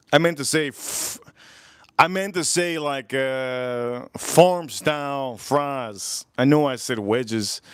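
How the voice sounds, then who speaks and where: A man's voice: medium pitch, clean tone, dry recording. A man hosting a casual live cooking and whiskey stream, rambling, repeating lines and laughing at his own stories. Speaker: livestream host. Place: home kitchen or backyard, filming point of view.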